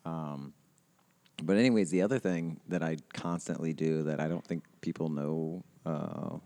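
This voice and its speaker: A man's voice: very deep voice, steady tone, moderate pace, mellow, no echo. A man in his thirties chatting casually on a podcast outdoors, rambling with lots of fillers and restarts and laughing often. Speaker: podcast host. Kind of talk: casual chat.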